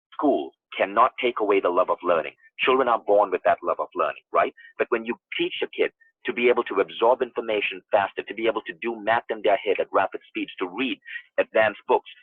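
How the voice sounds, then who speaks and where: A man speaks as a podcast guest, his voice low and slightly husky. He talks emphatically and tells stories, often restarting his phrases. The sound is dry and narrow, like a phone line. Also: no room sound. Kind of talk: casual interview talk. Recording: tinny phone-line audio.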